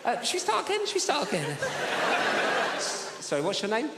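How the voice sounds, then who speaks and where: A man's voice: extremely high pitch, wildly swooping pitch, a little fast. A man doing stand-up crowd work, chatting with an audience member in an apologetic, self-mocking way. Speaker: stand-up comedian. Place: theatre stage. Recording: echoey venue with crowd noise. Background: audience laughter.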